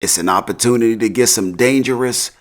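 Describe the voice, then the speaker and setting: A man's voice: mid-range voice, fairly quick. A man casually recapping a TV episode in slang, laughing often. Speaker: TV recap host.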